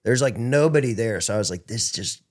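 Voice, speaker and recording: Man, podcast guest, casual rambling storytelling, filler words, swearing, mid pitch, studio mic. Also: animated, fairly quick.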